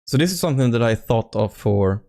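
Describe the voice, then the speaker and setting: A young man chats casually on a live stream, rambling and animated with playful swearing. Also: medium pitch, a little fast. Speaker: indie game developer streaming. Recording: faint music in background.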